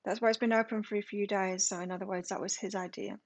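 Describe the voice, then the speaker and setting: A woman's voice: mid-range voice, fairly even intonation, quick pace. A woman doing a live tarot reading, reading card meanings aloud and then musing on them in a casual way. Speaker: tarot reader.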